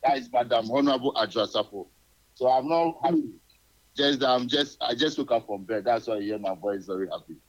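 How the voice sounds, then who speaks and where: A man's voice: mid-range voice, fairly quick. A man calling into a radio show, cheerful and rambling with many fillers. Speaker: caller. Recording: phone call on radio.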